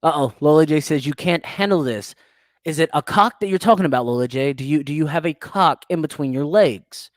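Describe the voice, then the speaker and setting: A man's voice: fairly high pitch, a little fast, hardly any pauses, dry recording, clean studio sound. Teasing young man on a podcast. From United States. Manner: crude, teasing, laughs often. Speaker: podcast host. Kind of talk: casual chat reading live chat.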